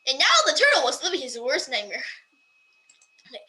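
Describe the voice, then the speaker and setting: Woman, high bright voice, very animated, carefully dictating a book, amused asides. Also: poor audio. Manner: slow, deliberate dictation broken by amused asides. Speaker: vlogger. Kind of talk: dictating a book excerpt to voice typing.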